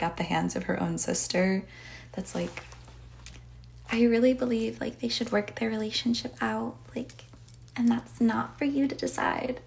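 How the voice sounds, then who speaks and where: A woman's voice: mid-range voice, vocal fry, a little hiss or hum. A woman hosting a casual podcast, rambling with lots of filler words and cursing freely. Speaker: podcast host.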